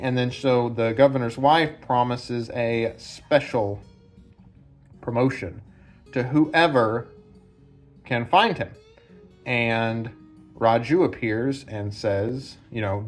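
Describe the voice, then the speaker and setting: Slow and prone to long pauses, this mid-range male voice belongs to a film analysis host picking apart a movie's characters at home. His talk is casual and rambling, full of fillers and restarts. Soft music plays in the background, and branches can be heard hitting the roof.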